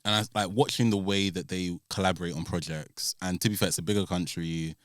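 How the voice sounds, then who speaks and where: A young man, co-hosting a podcast in a relaxed, thoughtful, rambling way with many fillers. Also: deep voice, a little fast, no room sound, studio quality. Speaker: podcast co-host. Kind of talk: casual chat.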